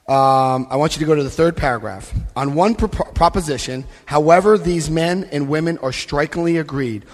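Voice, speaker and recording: A man speaking at a recovery convention, emphatic and direct, guiding the audience through book pages and checking in with them. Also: on the high side. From Florida, US. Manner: emphatic, often checks in with "Okay?". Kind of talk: live talk to a convention audience. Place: large convention hall with an audience. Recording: long hall reverb from a live talk.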